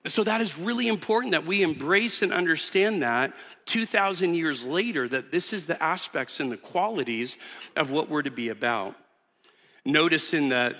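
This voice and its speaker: A man's voice: fairly high pitch, sharp tone, big-room sound. A man preaching a sermon as pastor, teaching earnestly with emphatic repetitions in a church auditorium.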